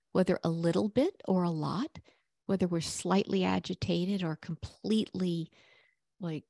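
A woman hosting a prayer podcast, giving spiritual teaching and leading a guided prayer in a soft, often half-whispered, meditative and conversational way. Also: mid-range voice, vocal fry, husky, dry recording, clean studio sound. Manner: conversational with fillers, storytelling.

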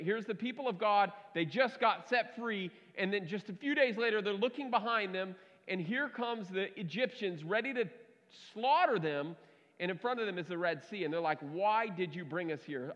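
A pastor preaching a conversational, emphatic sermon, heard in a reverberant hall on a dull recording. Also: male voice, high voice, fairly quick, a bit bright.

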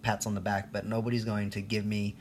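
A low-voiced man in his thirties rants through a loose, profane monologue, sarcastic and rambling as he laughs at his own jokes. A faint hiss of noise sits behind him. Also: flat delivery, brisk. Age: 30s. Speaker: vlogger. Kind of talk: ranting monologue.

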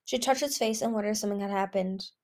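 A woman reading a fantasy novel aloud, narrating between the characters' lines and pausing now and then to fix small slips. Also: mid-range voice, darkish tone. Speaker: audiobook reader.

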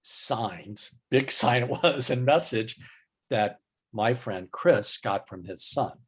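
A man recounting a story as an interview guest. His voice is a little husky and he takes his time. He hesitates often and fills pauses with ums, uhs and repeated words. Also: medium pitch. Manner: slow, halting delivery with many fillers.

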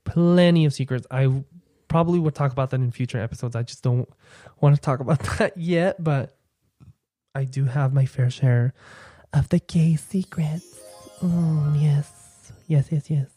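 A man's voice: moderate pace, no echo, clean studio sound, faint music behind. A young man hosting his own podcast, chatting casually and playfully to listeners with campy asides. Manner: drops into a low, quiet "sweetie" aside. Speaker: podcast host. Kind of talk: casual solo podcast chat.

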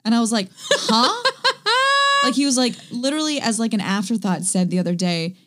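A woman in casual chat, telling stories with lots of "like", some swearing and quick jumps into high voices when quoting people. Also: very noisy. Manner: animated storytelling, many likes, swears, quotes others in high voices.

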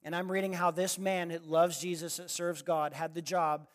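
Male speaker with a high voice for a sermon, animated and direct with the crowd, dramatic swings in volume. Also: normal speed. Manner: animated, swings from loud exclamations to quiet asides; addresses the audience directly with questions. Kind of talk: storytelling sermon.

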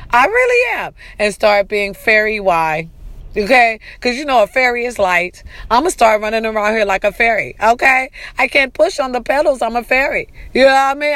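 A woman's voice: on the high side, no echo. A woman, talking casually and animatedly to her followers, cheering them on and calling out to them often. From California. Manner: chatty, animated, calls out to the audience. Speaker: vlogger. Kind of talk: casual motivational talk to camera.

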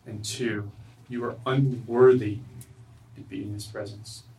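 A man preaching a sermon at a church service, earnest, swinging from loud emphatic lines to low quiet ones. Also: steady tone, a little slow, vocal fry, distant mic, low-quality recording. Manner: earnest, rises loud then drops low and soft. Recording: voice from away from the mic.

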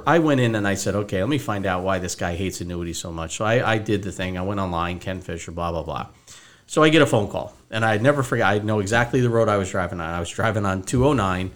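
A man's voice: lowish voice, a bit bright. A man hosting a podcast as a financial advisor, telling a story casually and acting out both sides of a phone call.

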